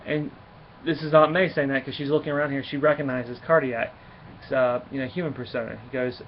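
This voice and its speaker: A man's voice: medium pitch, steady tone, fast. Rambling man reviewing comics, lo-fi. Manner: rambling, full of filler words and restarts. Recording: dull lo-fi recording with faint hiss.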